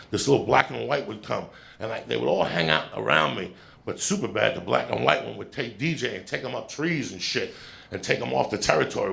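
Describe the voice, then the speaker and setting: A man telling a long stand-up story, swearing constantly and rambling in an animated way, recorded at a live comedy show. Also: mid-range voice, creaky. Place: comedy club stage. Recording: live show with crowd laughing. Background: audience laughter.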